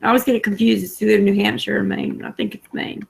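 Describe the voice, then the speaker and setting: A woman's voice: mid-range voice, fairly even intonation, fast, creaky. A woman originally from Massachusetts in a casual late-night group chat, blunt and rambling, swearing freely. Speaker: chat participant.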